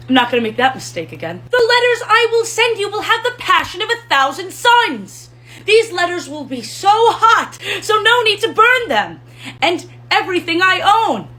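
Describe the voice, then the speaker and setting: A young woman in her twenties playing a loud, theatrical male founding-father parody full of innuendo. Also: extremely high pitch, voice pushed up, full character voice. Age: 20s.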